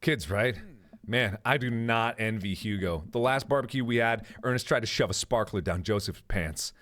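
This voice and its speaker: A man's voice: on the low side, normal speed, a bit bright, pitched below the performer's own voice, lightly acted. A man voicing a laid-back, chatty suburban dad in a video game. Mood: amused. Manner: easygoing, chatty.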